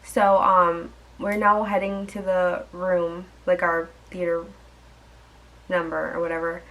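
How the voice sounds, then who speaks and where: A woman's voice: fairly low pitch, flat delivery, slow pace, a bit bright, poor audio. A young woman vlogger telling a dating story in a chatty, exasperated way, full of fillers and asides. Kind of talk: storytime vlog.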